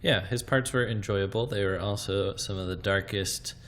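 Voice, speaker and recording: A man's voice: lowish voice, moderate pace, fairly bright tone. A man co-hosting a podcast in casual chat, wry and musing. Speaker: podcast co-host.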